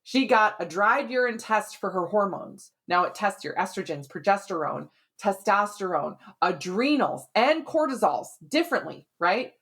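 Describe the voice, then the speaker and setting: A woman's voice: medium pitch, big pitch swings, normal speed, few pauses, fairly bright tone. Chatty woman podcast host explaining health. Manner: chatty and explanatory, often adds "right?" and "like". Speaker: podcast host, women's hormone health expert.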